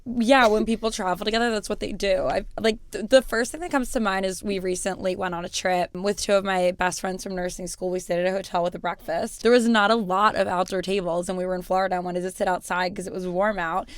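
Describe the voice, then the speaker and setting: Laughing young woman, smooth dry voice. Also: mid-range voice, brisk, few pauses, dry recording. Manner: laughs often, animated storytelling. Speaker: podcast co-host. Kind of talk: casual chat.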